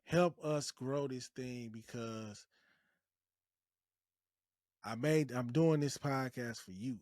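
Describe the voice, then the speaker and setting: A man hosting a podcast, giving blunt, profane advice and hammering points home by repeating them, with loud outbursts and quieter asides. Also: takes it slowly, no echo, studio quality. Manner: emphatic and repetitive, swinging between loud outbursts and low asides. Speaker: podcast host. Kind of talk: preachy podcast monologue.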